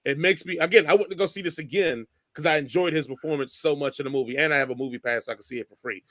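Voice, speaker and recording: A man with a fairly high voice hosts a podcast, moving briskly through quick lists of points. The recording is dry and close, with no room sound at all. He keeps the chat casual and upbeat. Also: a bit bright, dry recording. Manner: runs segments with quick lists. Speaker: podcast host.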